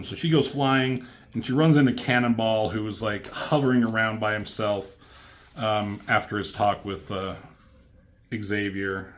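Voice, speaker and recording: A man's voice: lowish voice, steady tone, a little slow. A man casually reviewing a comic book, rambling loosely with fillers and the odd curse word.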